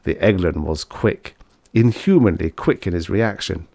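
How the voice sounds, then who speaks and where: A man narrating a science fiction story for an audiobook in a steady, measured storytelling manner. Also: low-pitched, no room sound, studio quality.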